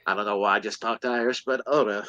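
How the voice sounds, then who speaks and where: A man's voice: fairly low pitch, fairly even intonation, fast, lo-fi sound, crowd noise. A man co-hosting a podcast, casually retelling a film's plot and acting out the characters in silly voices. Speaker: podcast co-host.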